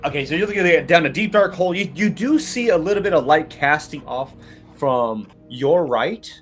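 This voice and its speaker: A man runs a tabletop game as game master, narrating in a halting, meandering way full of restarts. His voice sits a little high for a man, with faint music playing underneath. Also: animated, fairly bright tone.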